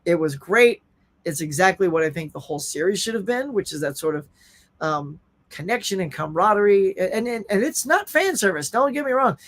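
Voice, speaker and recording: A man's voice: sits high, a little fast. Chatty man hosting a live stream. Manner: animated, chatty, reads viewer comments aloud. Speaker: host. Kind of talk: casual live-stream chat.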